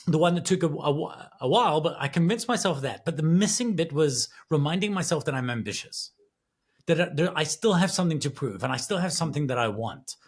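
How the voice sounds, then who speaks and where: A man co-hosting a podcast, thinking out loud in a rambling, reflective way with many restarts in a casual conversation. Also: on the high side, lively intonation, fast talker, slightly rough. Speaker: podcast co-host.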